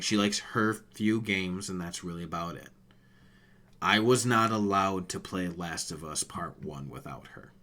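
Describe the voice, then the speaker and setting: A man's voice: low voice, fairly bright tone. A man in his thirties co-hosting a casual gaming podcast, emotional and swearing often. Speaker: podcast co-host.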